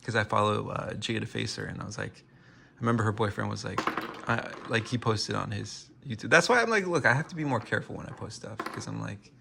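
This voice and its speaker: A man's voice: fairly low pitch, fairly even intonation, fairly quick, vocal fry, background noise. An American man rambling through a casual vlog, joking and interrupting himself often. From United States. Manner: rambling, self-interrupting, jokey. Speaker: vlogger.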